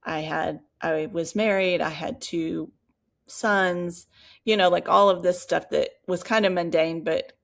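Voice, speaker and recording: A woman co-hosting a podcast, telling a personal story in casual chat, animated and full of fillers and asides. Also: lowish voice, a little slow, vocal fry. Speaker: podcast co-host.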